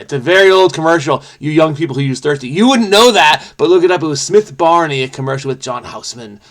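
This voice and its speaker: A middle-aged man thinking aloud as he solves a crossword, animated and jokey, with sudden bursts of song and sound effects. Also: on the high side, fast, hardly any pauses. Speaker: host solving crosswords. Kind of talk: casual think-aloud commentary.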